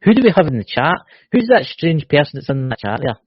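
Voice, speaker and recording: A man's voice: a little high, sing-song, fast, breathy edge, no echo. A Scottish man co-hosting a podcast and joking with his partner in a boisterous, teasing way. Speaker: podcast co-host. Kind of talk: casual chat. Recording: muffled dry home recording.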